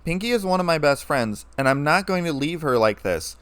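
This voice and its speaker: A man's voice: on the high side, expressive, a little fast, fairly bright tone, clean tone, no echo. A man reading a story aloud, voicing a bold, teasing tomboy pegasus mare. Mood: brash.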